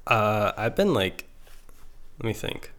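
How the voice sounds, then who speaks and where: A young man chatting as a podcast guest, hesitant and halting with a dry sense of humor. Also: lowish voice, very animated, a bit bright. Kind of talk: casual chat.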